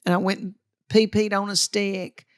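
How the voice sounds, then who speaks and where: A woman's voice: medium pitch, moderate pace, smooth. A middle-aged woman from Tennessee with a Southern accent, a comedian telling folksy family stories as a podcast guest. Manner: folksy, animated, acts out family quotes. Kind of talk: storytelling interview chat.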